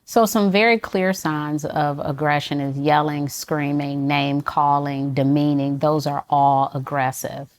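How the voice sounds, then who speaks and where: Female guest expert, deep voice, calm and clear explainer. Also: no echo. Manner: measured, clear, teacherly explanations. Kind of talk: calm explanatory interview talk.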